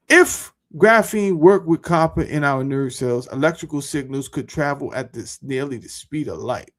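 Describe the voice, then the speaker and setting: A man talking casually to his viewers as a YouTuber, animated and full of rhetorical questions and slang. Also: a little high. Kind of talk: casual monologue to camera.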